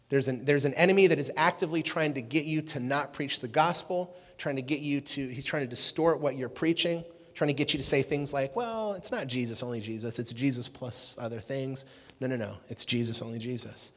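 A man's voice: a little high, brisk. Casual man preaching in an echoey hall. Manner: casual, animated storytelling with frequent "right?". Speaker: youth pastor. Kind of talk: youth sermon.

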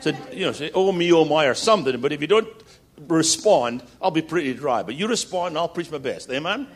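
A man preaching as a guest speaker, building to loud repeated declarations and slipping in jokey stories. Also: on the high side, very animated, a little fast. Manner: jokey storytelling asides. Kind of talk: sermon.

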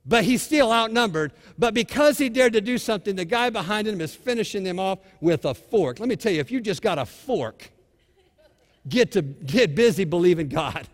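A male pastor preaching a sermon in an animated, exhorting way, acting out scripture scenes as he goes. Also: high-pitched, moderate pace, long reverb tail.

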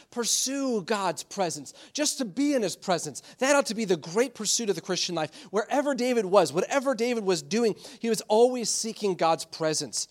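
High-voiced man preaching a sermon. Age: middle-aged. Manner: repetitive, exhortative preaching with fillers and restarts. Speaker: pastor.

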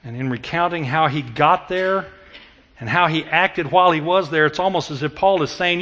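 A middle-aged man preaching a sermon in a bright, forward voice that sits a little high for a man. He tells stories and swings from loud, emphatic passages to hushed, intimate ones. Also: moderate pace, lo-fi sound. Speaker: pastor.

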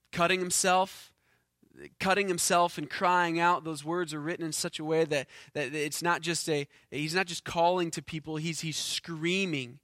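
A man preaching a sermon as pastor, earnest, rising to forceful emphasis and then dropping low and quiet, often repeating words as he restarts. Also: dry recording, studio quality.

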